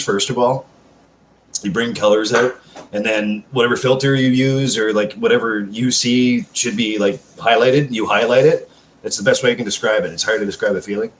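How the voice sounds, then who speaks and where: Man streamer, lowish voice, rambling and foul-mouthed, chats at home with faint noise behind. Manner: rambling, profane, swears constantly; chatty, reads out and answers chat messages. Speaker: live-stream host. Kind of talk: casual live-stream chat with viewers. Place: at home, seated.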